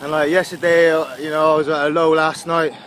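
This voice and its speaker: Riding his bike on a roadside, a man from Gloucestershire rambles through a video diary as a touring cyclist vlogger. He sounds fairly bright and on the high side, with a level tone and fairly quick pace, plus a little hiss or hum. He chats freely, dropping frequent fillers and laughs.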